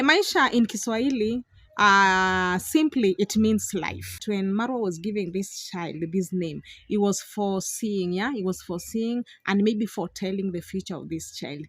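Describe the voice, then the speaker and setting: A woman's voice: medium pitch, no echo. Young lady vlogging from the village, chatty and laughy, keeps repeating herself, super dry close sound. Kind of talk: casual vlog commentary. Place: outdoors in a village.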